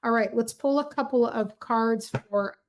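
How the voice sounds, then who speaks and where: A woman's voice: fairly high pitch, a little slow. A middle-aged woman giving a casual tarot reading on a livestream, chatty and effusive, speaking straight to her viewers. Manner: chatty, warm, effusive, talks to viewers directly.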